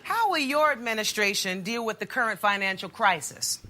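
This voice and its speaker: Formal debate moderator. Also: female voice, mid-range voice, animated, sharp tone, a little hiss or hum. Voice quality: formal, measured. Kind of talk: sketch comedy debate parody.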